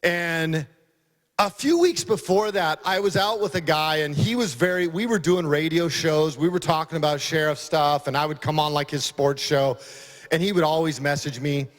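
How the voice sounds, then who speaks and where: Casting: male sheriff, middle-aged, folksy and emphatic, slightly high-pitched, speaking in a hall with long reverb. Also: normal speed. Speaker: county sheriff. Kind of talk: conference speech. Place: conference hall.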